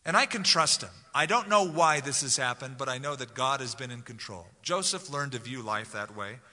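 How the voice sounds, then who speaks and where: A man's voice: medium pitch, expressive, normal speed, sharp tone. A man preaching a conversational verse-by-verse sermon as pastor, acting out the voices of the people in the text. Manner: conversational, acts out voices of Bible characters. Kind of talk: expository sermon. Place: church sanctuary. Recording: long hall reverb.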